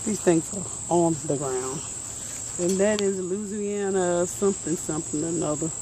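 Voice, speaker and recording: A woman's voice: lowish voice, moderate pace, dark tone, slight background noise, low-quality recording. A woman, out of breath, casually walking through her vegetable garden and muttering plant names as she films. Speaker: gardening vlogger.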